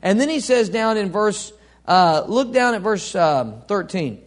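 A man preaching a sermon, reading scripture aloud and asking the congregation questions, swinging from soft to loud. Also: high-pitched, very animated, measured pace. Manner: reads scripture aloud, asks the congregation call-and-response questions.

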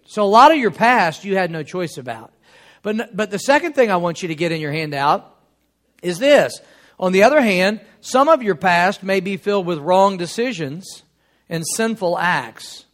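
Middle-aged male preacher, fairly high voice, loose conversational delivery with jokes. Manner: conversational, joking with the congregation. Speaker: pastor. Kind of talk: sermon.

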